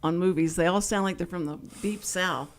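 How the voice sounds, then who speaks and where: A woman's voice: fairly low pitch, fairly quick. A woman with a Texan accent hosting a radio show, chatting and rambling into stories at a studio mic. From Texas. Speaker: radio host. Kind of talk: casual on-air chat.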